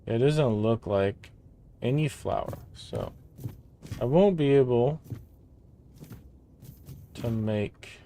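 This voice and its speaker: A man casually commenting on his own video game play, thinking aloud in a relaxed, offhand way. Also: mid-range voice, extremely slow, gravelly, pauses often, a little hiss or hum. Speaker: gamer.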